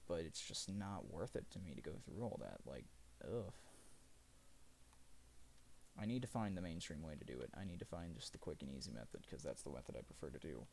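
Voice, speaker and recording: A man's voice: very deep voice, lively intonation, brisk, gravelly, a little mellow, slight background noise. A man streaming live, chatting casually and rambling about a video game, often correcting himself mid-sentence. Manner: rambling, self-correcting gamer talk. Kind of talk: casual livestream chat.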